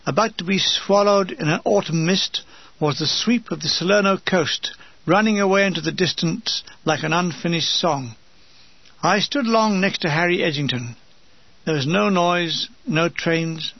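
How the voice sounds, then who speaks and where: Memoir narrator: a fairly high, husky male voice with dry, comic asides. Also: no echo, dull audio. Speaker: narrator of his own war memoir.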